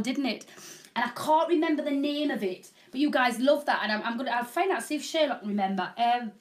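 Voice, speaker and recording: A middle-aged woman hosting a live shopping channel talks in a high-pitched, slightly bright voice. She chats and rambles casually with her viewers, makes fun of herself, and is having a hot flush.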